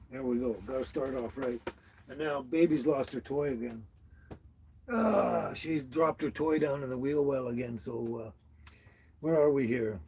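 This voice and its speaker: A man's voice: medium pitch, a little slow, vocal fry, mellow, a little hiss or hum, low-quality recording. A man hosting a casual livestream, greeting each viewer by name in a friendly, chatty way. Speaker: livestream host. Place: tiny house on wheels.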